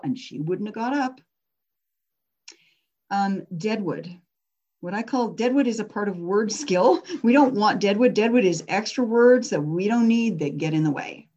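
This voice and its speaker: A woman's voice: medium pitch, a little mellow, muffled recording. A woman teaching a persuasion workshop in a casual, conversational way, often putting questions to her audience.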